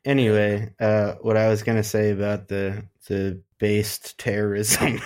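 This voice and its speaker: A man with a low, even, fairly flat voice, co-hosting a loose comedy podcast. He rambles in casual chat and keeps circling back with fillers and restarts. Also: measured pace, clean tone. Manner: rambling, hedging with like and uh. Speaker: podcast co-host.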